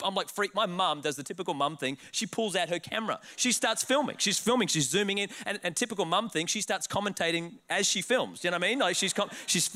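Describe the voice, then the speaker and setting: An Australian pastor preaching with a lively, high-pitched voice, jumping up and down in tone. He laughs through his anecdote and acts out the people in it before turning to his message. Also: brisk, hardly any pauses. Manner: animated, laughing, restarts words, acts out quotes. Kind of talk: sermon with storytelling.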